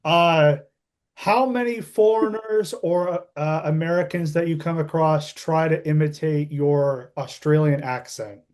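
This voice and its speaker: A man hosting a podcast, asking questions in a halting way with restarts. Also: a little high, steady tone, a little mellow. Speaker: podcast host. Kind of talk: interview questions.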